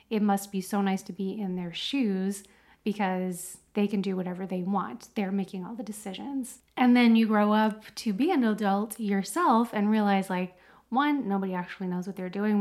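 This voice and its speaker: A woman co-hosting a podcast, talking in a chatty, animated way with many fillers. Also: mid-range voice, normal speed. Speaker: podcast co-host. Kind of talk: casual chat.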